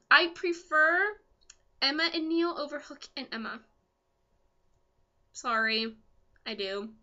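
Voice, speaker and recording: A young woman vlogger chatting casually as an excitable fan, full of ums and asides. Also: high-pitched, lo-fi sound. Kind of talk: casual chat.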